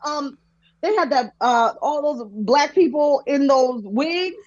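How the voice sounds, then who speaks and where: A woman guest on a podcast, telling an animated story with lots of laughter and voices for the people she quotes. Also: sits high, takes it slowly, no room sound, dull audio. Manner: lively, laughing, acts out quotes in shifting voices.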